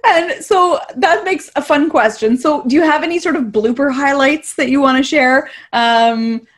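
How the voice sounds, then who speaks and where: Brief: woman host and author, slightly high voice, easygoing chat. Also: normal speed. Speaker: interviewer, author. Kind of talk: interview conversation.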